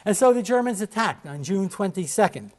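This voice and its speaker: A man giving a classroom history lecture, halting with many fillers and restarts, repeating key points for emphasis and pointing to slides. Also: high voice, animated, slight background noise.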